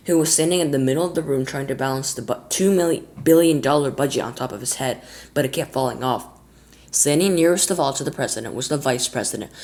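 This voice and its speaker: A man reading a children's book aloud as a storyteller, lively, with small slips and restarts. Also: medium pitch.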